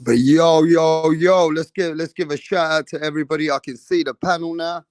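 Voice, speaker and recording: Man, boxing stream host, casual and profane, shout-outs to chat, higher pitch, dry close sound. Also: steady tone, normal speed, no room sound. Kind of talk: casual livestream chat reading comments.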